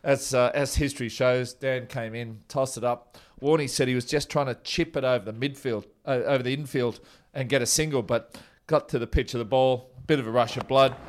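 Relaxed man, forties, yarn-spinning interview guest, mid-pitched voice, easygoing delivery. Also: brisk, hardly any pauses. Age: 40s. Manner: chatty and laid-back, with many restarts. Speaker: former teammate telling stories. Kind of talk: casual anecdotal interview.

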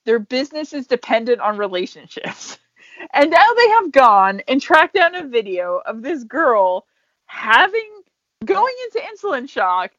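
A woman's voice: high voice, very animated, a little slow, a bit bright, no room sound. A young woman co-hosting a podcast, chatting casually and animatedly, laughing often and acting out quoted voices. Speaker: podcast co-host. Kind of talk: casual chat. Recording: dull, dry home podcast audio.

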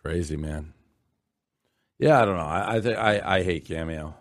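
A man's voice: low-pitched, moderate pace, no room sound, studio quality. A man hosting a podcast in casual chat, blunt and profane, telling stories with animation. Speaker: podcast host.

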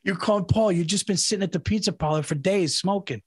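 A man with a notably high speaking voice co-hosting a podcast. He talks in an excitable, rambling way, piling up plans and swearing freely in casual chat. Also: a little fast, husky. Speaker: podcast co-host.

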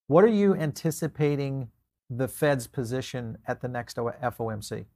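A man's voice: medium pitch, lively intonation, normal speed, dark tone. A man hosting a finance interview, asking questions in a conversational, somewhat hesitant way. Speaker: host.

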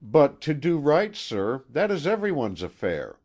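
A man's voice: a little high, wildly swooping pitch, unhurried, darkish tone, pitched above the performer's own voice, heavily acted. A man voicing a discontented, discharged lady's maid who presses her complaint insistently. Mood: aggrieved.

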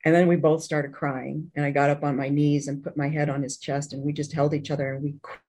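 A woman's voice: deep voice, level tone, a little fast, darkish tone, rough recording. A woman telling a painful personal story in an interview, candid and earnest, often restarting her sentences. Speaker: interview guest.

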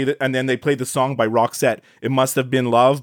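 A man co-hosting a casual podcast chat, excitable and quick to laugh, often tripping over his words and restarting. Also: mid-range voice, no echo, clean studio sound. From Canada. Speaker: podcast co-host.

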